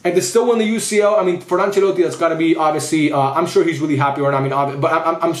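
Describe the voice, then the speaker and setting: A man's voice: fairly high pitch, fairly even intonation, rapid-fire, roomy sound. A man ranting casually after a football match, frustrated and swearing, rambling with lots of restarts. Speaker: football vlogger. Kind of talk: post-match rant.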